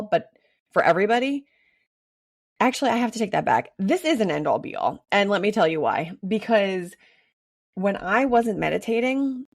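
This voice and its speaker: A woman in her thirties hosting a casual solo podcast, slightly raspy and hoarse while recovering from illness, chatty with frequent ums. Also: lowish voice, dry recording, clean studio sound. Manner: chatty, frequent ums, laughs between thoughts. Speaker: podcast host.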